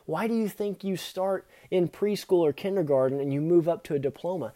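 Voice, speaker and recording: A man's voice: high-pitched, brisk, warm tone. A man hosting a podcast, delivering an earnest motivational monologue that speaks straight to the listener. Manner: earnest, speaks straight to the listener with repeated second-person questions. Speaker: podcast host.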